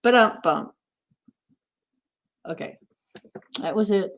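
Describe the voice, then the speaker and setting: A woman's voice: lowish voice, animated, slow. A woman hosting a casual chat, rambling and giggling between puns and jokes.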